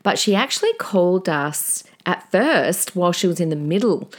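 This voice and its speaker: An Australian woman in her forties, hosting a parenting podcast in a chatty, conversational monologue full of fillers and lively storytelling. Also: on the low side, normal speed.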